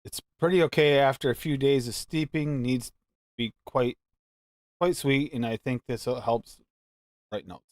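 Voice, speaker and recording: A man's voice: medium pitch, fairly even intonation, normal speed, no room sound, clean studio sound. A man hosting a live mixing show, chatting casually and reading recipes aloud in a rambling, musing way. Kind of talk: casual live-stream chat.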